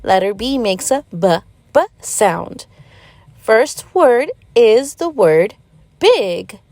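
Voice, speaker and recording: A gentle gazelle schoolteacher, played by a woman in a cartoon-style toy lesson, speaking slowly and sing-song with a high, lively lilt. She praises her small pupils warmly as she spells out words. Dry, close sound. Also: no echo. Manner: slow, sing-song and encouraging, praising often. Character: gentle, patient gazelle schoolteacher, adult female. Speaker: preschool teacher.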